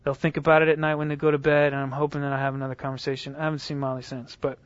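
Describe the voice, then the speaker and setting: A man teaching a group, retelling conversations in a conversational, animated way with frequent restarts. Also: a little high, rapid-fire, no room sound. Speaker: speaker teaching evangelism. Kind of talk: storytelling lecture. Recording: dull lo-fi dry recording.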